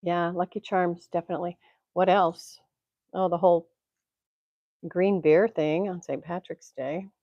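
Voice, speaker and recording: A woman's voice: on the low side, steady tone, a little slow, pauses often, dry recording, highs cut off. A woman from Tennessee hosting a casual livestream from home, chatting in a rambling way and laughing often. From Tennessee, USA. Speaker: livestream host. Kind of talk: casual chat. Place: home, indoors. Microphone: computer mic.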